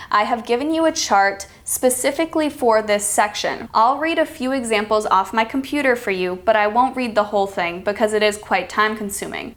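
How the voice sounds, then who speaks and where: Woman teaching pronunciation slowly and clearly. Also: on the high side, a bit bright. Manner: slow, deliberate reading of example sentences; clear, instructive teacher's delivery. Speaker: accent coach. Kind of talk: online pronunciation lesson.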